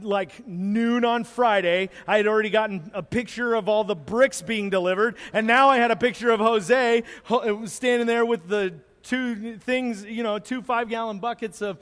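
A man, a pastor, telling a lively story from a mission trip during a sermon, acting out moments as he goes. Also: high voice. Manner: animated storyteller, acts out moments. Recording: long hall reverb.

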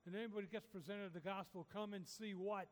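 A man's voice: sits high, steady tone, quick pace, big-room sound. A man preaching a sermon, urging his listeners with repeated, rising calls. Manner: repetitive, rising exhortation.

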